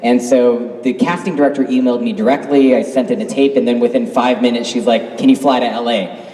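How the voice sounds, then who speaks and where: A man's voice: medium pitch, steady tone, brisk, mellow. A man from Canada telling a story to a convention crowd in a chatty, laughing way, full of fillers. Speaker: actor on a convention panel. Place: convention hall stage. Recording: roomy hall from a distance.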